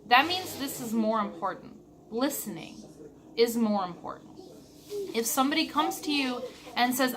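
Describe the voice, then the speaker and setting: A woman talking earnestly to her camera in a reflective vlog, stressing words by slowing down. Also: a little high, lively intonation, fairly bright tone. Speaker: vlogger.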